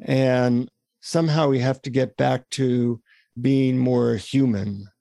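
A man's voice: medium pitch, steady tone, slow, creaky, dark tone, no room sound. A man co-hosting a podcast over a video call, explaining ideas in a reflective, conversational way. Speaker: podcast co-host. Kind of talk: casual conversation.

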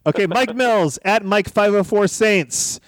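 A man co-hosting a casual podcast, reading out listener messages and plugs at an unhurried pace. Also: high-pitched, no room sound, studio quality.

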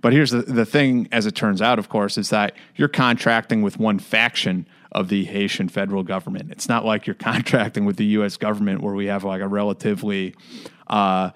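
A man's voice: fairly low pitch, fairly even intonation, brisk, a bit bright. A man from the United States talking through a story in casual podcast chat, with frequent fillers and restarts. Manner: conversational, many fillers and restarts.

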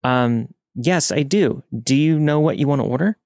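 A man's voice: medium pitch, normal speed, no echo, studio quality, close to an everyday voice. A man voicing a curt, fed-up young waitress. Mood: nervous. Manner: curt and stern.

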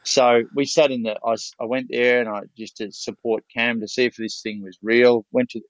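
A man's voice: mid-range voice, moderate pace, no room sound. An Australian man, a seminar speaker, telling stories casually, with energy, frequent swearing and many restarts. The audio is dull and lo-fi. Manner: energetic, profane, full of restarts. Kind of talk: casual storytelling.

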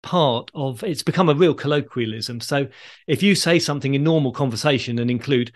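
A man hosting a podcast, calmly explaining in a dry storytelling way and delivering groan-worthy jokes. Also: mid-range voice, fairly quick. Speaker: podcast host. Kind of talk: conversational explaining.

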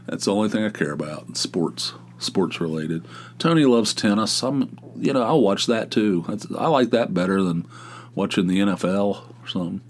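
A man's voice: fairly low pitch, lively intonation, normal speed, a little hiss or hum. A man hosting a solo podcast, talking in a rambling, wry and exasperated casual way. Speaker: podcast host.

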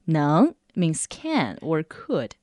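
Female lesson host: leisurely, carefully enunciated delivery with a bouncy pitch, dry booth. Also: huge pitch swings, a little mellow, dry recording. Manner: slow, careful enunciation of model phrases. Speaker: language teacher and host. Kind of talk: scripted radio lesson.

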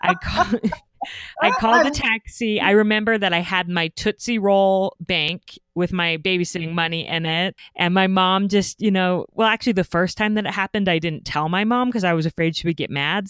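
A woman's voice: lowish voice, normal speed, fairly bright tone, clear, resonant tone, no echo, clean studio sound. A woman hosting a casual podcast, telling a childhood story with frequent laughter. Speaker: podcast host.

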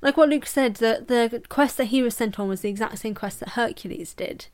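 A woman's voice: on the high side, brisk. A young woman hosting a casual book review podcast, chatty and jokey, often breaking into laughter. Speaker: podcast host.

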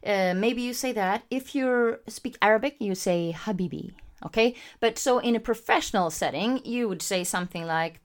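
Speaking at a normal speed in a mid-range voice, a woman hosts a casual podcast from home while streaming it live. Her manner is chatty and animated, and she greets live viewers by name.

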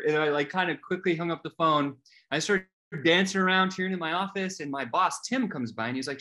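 Man, middle-aged, casual talk guest, animated delivery with many fillers. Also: fairly high pitch, fast talker. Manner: animated, acts out quoted voices, many fillers. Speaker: podcast guest telling his story. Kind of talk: casual storytelling chat.

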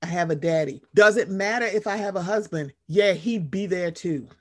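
A woman co-hosting a podcast in casual chat, animated and expressive, swearing freely. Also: fairly low pitch, normal speed. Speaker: podcast co-host.

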